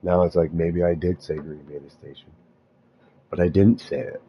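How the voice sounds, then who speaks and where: Man, very low husky voice, rambling spiritual musing, halting restarts. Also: fairly even intonation, muffled recording. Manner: meandering, halting, many restarts.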